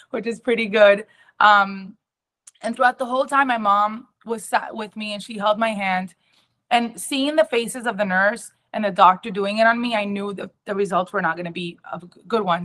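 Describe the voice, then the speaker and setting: A young adult woman giving a personal testimony at an awareness talk, emotional and halting, with many ums and restarts. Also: mid-range voice, bright, forceful tone.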